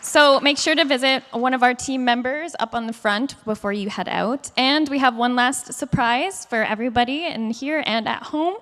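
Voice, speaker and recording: Woman panel host, high bright voice, upbeat stage presenting. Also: moderate pace, hardly any pauses.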